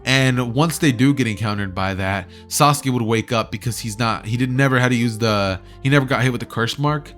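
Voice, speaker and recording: A man's voice: mid-range voice, a little fast, hardly any pauses, fairly bright tone, soft background music. Rambling young man telling a fan story. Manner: rambling, heavy on "like" and "you know". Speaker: YouTuber. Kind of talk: casual retelling of a fan story.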